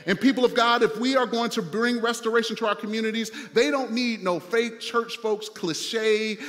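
A man's voice: high-pitched, a little fast, few pauses, fairly bright tone, in a large hall. A male pastor preaching a sermon in a conversational style, repeating phrases and using fillers as he talks to his church.

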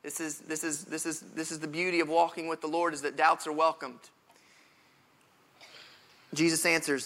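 A man with a high voice preaches a sermon. He talks casually, with slang, and drives his points home by repeating himself. His tone is bright. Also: little pitch movement, moderate pace, pauses often. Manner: emphatic, repeats words when building a point. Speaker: pastor.

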